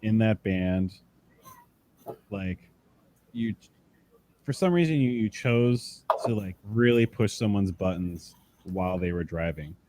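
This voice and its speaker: A man with a fairly low voice tells rowdy road stories in relaxed conversation. He swears freely and jumps into the voices of the people in his stories. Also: takes it slowly, pauses often. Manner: animated storyteller, swears freely, acts out voices. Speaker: podcast guest, tattoo artist. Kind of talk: casual chat, telling tour stories.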